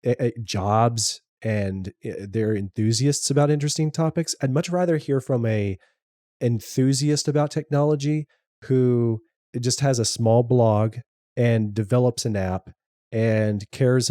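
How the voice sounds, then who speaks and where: A middle-aged man with a mellow, dark voice, co-hosting a podcast in easy conversation. He stumbles over the start of his sentences and restarts them before landing the thought. The sound is dry and close. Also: medium pitch, a little slow, dry recording. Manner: trips over words, many restarts. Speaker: podcast co-host and editor. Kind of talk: casual chat.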